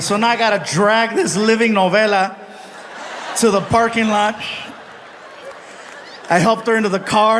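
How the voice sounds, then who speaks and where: Male stand-up comic on stage, high voice, chatty, teases the audience. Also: moderate pace, long pauses, slight background noise. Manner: animated, chatty, ribs the audience. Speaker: stand-up comedian. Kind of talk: stand-up comedy. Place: live comedy stage.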